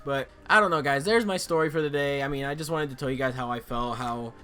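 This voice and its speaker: A man's voice: medium pitch, fast talker, pushed and bright, soft background music. A young man vlogging casually, telling a rambling story and acting out the voices of people he quotes.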